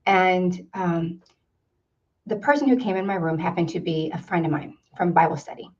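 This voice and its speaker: A woman's voice: fairly low pitch, normal speed, darkish tone. A woman speaking at a seminar, telling a personal story in an earnest way and repeating words for emphasis. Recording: distant, dull lo-fi sound.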